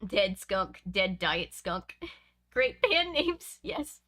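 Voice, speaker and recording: A woman from Canada reading a children's book aloud in a lively, expressive way, with chatty asides between passages. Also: mid-range voice, very slow. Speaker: reader and streamer. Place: home room with bookshelves.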